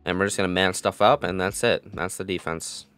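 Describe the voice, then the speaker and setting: A young man giving live commentary on his own football video game, muttering plays, then yelling and gloating in a sing-song voice. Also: low-pitched, brisk, smooth, faint music behind. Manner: excitable, swings from mutters to yelling. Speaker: gaming commentator.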